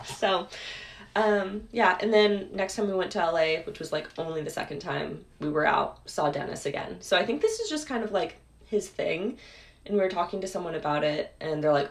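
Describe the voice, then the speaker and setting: A woman's voice: fairly low pitch, lively intonation, normal speed, gravelly. A young woman casually telling a story, chatty, full of "like" and "um". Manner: chatty, lots of "like" and "um". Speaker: clip guest telling a story.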